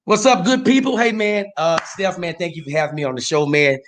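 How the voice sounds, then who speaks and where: A man who is a comedian, guest on a casual interview show, talking loosely and breaking into loud, animated mock outrage. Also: high voice, fairly quick, a little hiss or hum.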